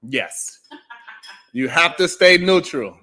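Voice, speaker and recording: Male livestream host with a high-pitched voice, joking and boastful, laughing often, casual monologue to his chat. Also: animated, takes it slowly, bright, forceful tone, faint music behind.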